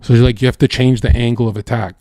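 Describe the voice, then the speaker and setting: A man's voice: medium pitch, steady tone, fast talker, warm tone, dry recording, clean studio sound. A man streaming live, talking in a casual, profane, rambling way and often saying "bro" and "like". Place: home streaming setup.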